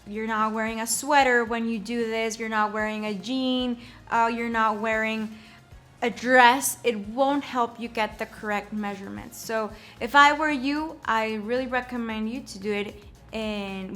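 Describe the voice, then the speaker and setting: Slow-talking young woman giving a how-to. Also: fairly high pitch, a bit bright, faint music behind. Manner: slow, repeats words and checks in with "okay?". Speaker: shapewear presenter. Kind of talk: casual how-to demonstration.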